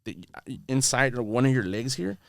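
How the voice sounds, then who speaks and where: A man's voice: mid-range voice, animated, moderate pace, gravelly, a bit bright, no room sound. A man, a podcast guest in a studio, telling a rambling story in casual slang full of "dude" and "bro".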